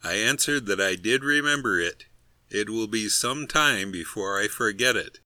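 Bright-toned man narrating wryly. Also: on the low side, expressive, moderate pace, no echo. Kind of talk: scripted narration.

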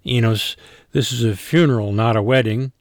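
A man voicing a blunt, sarcastic woman in an audiobook, lifting his voice higher. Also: moderate pace, no room sound, clean studio sound, lightly acted. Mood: persuasive. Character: sarcastic blunt woman, nursing home coworker. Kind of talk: audiobook character voice.

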